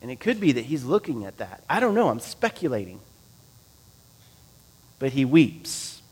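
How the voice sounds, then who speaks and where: In this sermon, a male pastor reads from scripture and explains it in a conversational style, questioning his audience and moving between loud and soft. He has a husky, mid-range voice, speaks quickly and is very animated.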